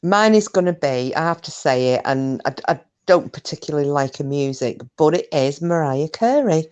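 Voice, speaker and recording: A woman's voice: low-pitched, expressive, normal speed, darkish tone, clean tone. A woman hosting a live stream, chatting casually with viewers and telling stories in a chatty, self-mocking way and swearing freely. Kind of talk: casual chat and storytelling with viewers.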